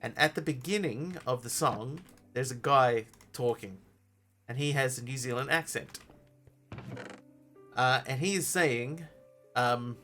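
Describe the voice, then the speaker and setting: Male streamer, mid-range voice, chats and rambles over soft game music. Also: medium pitch, measured pace, long pauses. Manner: rambling, chatty, many ums and restarts. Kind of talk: casual live-stream chat while playing.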